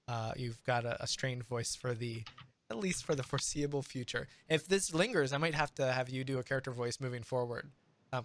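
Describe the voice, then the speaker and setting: A man guides a tabletop game as its game master. His voice is bright and forward, and his delivery is loose and rambling, full of ums and restarts. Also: mid-range voice. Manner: rambling, lots of fillers.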